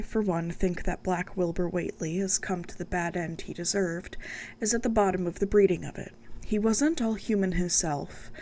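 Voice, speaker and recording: A woman's voice: medium pitch, mellow, slight background noise, lightly acted. A woman voicing a frightened rural housekeeper in a storybook reading, read plainly without a dialect. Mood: fearful.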